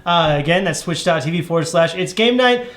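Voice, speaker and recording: A man's voice: fairly high pitch, lively intonation, fairly quick, fairly bright tone, echoey room. A man hosting a casual comedy podcast, reacting dryly and then giving an upbeat sign-off. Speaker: podcast host.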